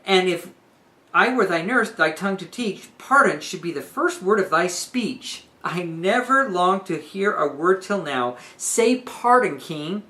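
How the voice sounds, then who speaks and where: A woman's voice: fairly low pitch, expressive, unhurried, bright, forceful tone. A woman voicing a noblewoman who begs a king for pardon, reciting the verse with earnest emphasis. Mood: pleading. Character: pleading noblewoman mother begging a king. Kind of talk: dramatic reading of verse.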